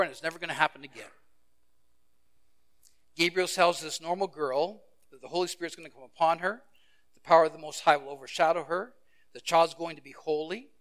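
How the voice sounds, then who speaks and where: A male pastor preaching a sermon with a bright, forceful voice that sits a little high for a man. He retells Bible stories and voices the characters as he goes. He swings from loud, punchy exclamations down to near-hushed moments. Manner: storytelling, acting out the characters' lines.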